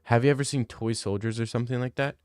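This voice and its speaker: A man's voice: medium pitch, fairly even intonation, fast, darkish tone, no room sound. A young man streaming and reading out viewer messages in casual chat, laid-back and blunt, swearing freely.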